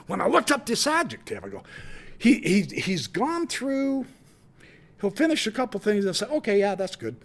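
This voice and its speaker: A man giving a sermon with enthusiastic, animated delivery and jokey asides. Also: on the high side. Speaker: speaker at a Unitarian service.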